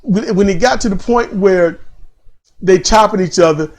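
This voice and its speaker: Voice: medium pitch, moderate pace, a little mellow. A podcast co-host in casual wrestling commentary chat, telling stories with laughter and mimicking others.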